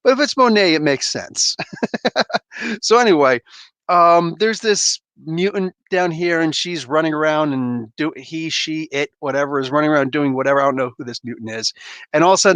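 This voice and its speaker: A man's voice: on the high side, a bit bright, dry recording. A man casually reviewing comics on a live stream, loose and joking, laughing often and swearing a bit.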